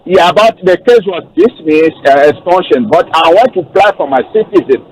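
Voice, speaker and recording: A man calling in to ask about his citizenship, speaking in broken, halting English. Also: a little high, lively intonation, rough recording. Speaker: caller. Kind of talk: phone call-in question.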